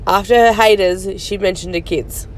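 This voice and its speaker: A woman's voice: mid-range voice, a little mellow. Snarky woman mocking a streamer. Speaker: commentary podcast host. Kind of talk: mocking reaction commentary.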